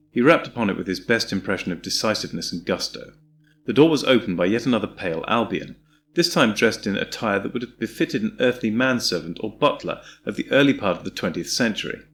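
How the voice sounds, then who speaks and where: A man reading an audiobook in a measured, descriptive storytelling manner. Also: on the low side, a bit bright. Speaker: audiobook narrator. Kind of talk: scripted audiobook narration.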